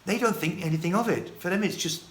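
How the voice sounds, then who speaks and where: A man from the United Kingdom telling his life story in a casual, halting vlog monologue full of restarts and fillers. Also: high voice, fairly bright tone. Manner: rambling, halting, many restarts and fillers, chuckling. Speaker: vlogger. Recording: echoey room with faint ambient noise.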